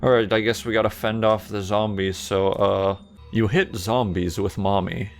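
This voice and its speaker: Low-voiced sardonic man reading a game. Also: fairly even intonation, moderate pace, faint music behind. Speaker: gaming streamer. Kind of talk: reading and commenting on a text adventure.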